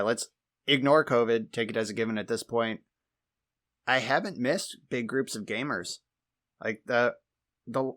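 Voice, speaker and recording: A man's voice: medium pitch, a bit bright. A man co-hosting a podcast, telling exasperated, wry stories in casual chat and swearing freely. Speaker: podcast co-host.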